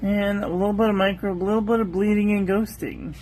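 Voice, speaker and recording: A woman hosting a calligraphy channel, methodically reviewing ink on one paper after another in a calm, soft-spoken voice. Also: medium pitch, a little fast, a little hiss or hum.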